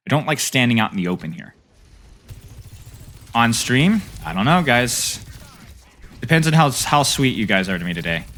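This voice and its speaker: A man's voice: mid-range voice, fairly bright tone. A young man coaching a player through game footage, trading playful banter with his stream chat between tips.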